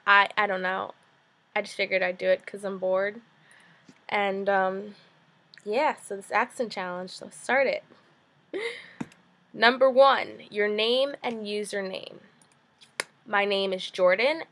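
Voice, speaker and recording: A young woman with a New Jersey accent talks to her camera in a loose, casual ramble. She giggles often and fills her pauses with ums and you-knows. Her voice sits at an ordinary, middle pitch for a woman. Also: bright, forceful tone. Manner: rambling and giggly, with many fillers. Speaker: vlogger.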